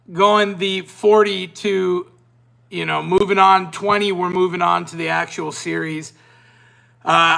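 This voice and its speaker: A man with a high, gravelly voice hosts his own podcast. He tells a personal story in a loose, rambling way, restarting sentences as he goes. His tone is bright and tense. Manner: animated, rambling, self-interrupting. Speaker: podcast host. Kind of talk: casual storytelling.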